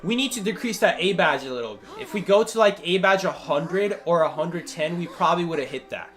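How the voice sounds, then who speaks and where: A man's voice: sits high, brisk, faint music behind. A man commentating his own gameplay live, joking and talking to his chat. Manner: animated, joking, talks to chat. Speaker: gaming streamer.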